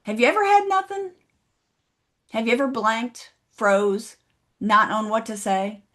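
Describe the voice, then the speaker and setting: A woman's voice: on the high side, measured pace, a bit bright. A woman giving a motivational keynote speech, telling a story and asking the audience direct questions. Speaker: motivational speaker. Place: online event, audience in chat.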